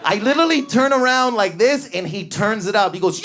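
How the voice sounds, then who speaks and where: A man's voice: high voice, lively intonation, fairly quick, hardly any pauses, fairly bright tone. A male stand-up comedian telling self-mocking stories with frantic, neurotic energy on a comedy club stage, in a live recording with audience laughter.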